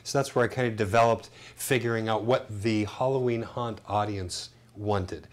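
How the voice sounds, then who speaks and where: A middle-aged man as an interview guest, talking in a relaxed, reflective way with hesitant fillers. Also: lowish voice, moderate pace. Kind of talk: casual interview chat.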